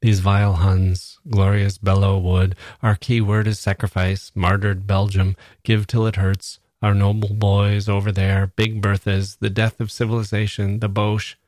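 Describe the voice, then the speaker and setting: A man's voice: lowish voice, flat delivery, unhurried, hardly any pauses, darkish tone, dry recording, studio quality, close to an everyday voice. A man reading the part of a pompous middle-aged war-bond orator who declaims slogans in a grandiose way. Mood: bombastic.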